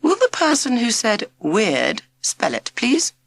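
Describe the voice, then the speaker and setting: A quirky modern witch schoolteacher, as a woman reads her in a storybook, speaking quietly but firmly with a brisk edge. The voice lifts higher and louder than the narration and swings widely in pitch. The recording is dry and close. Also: wildly swooping pitch, vocal fry, no echo, exaggerated voice. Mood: stern.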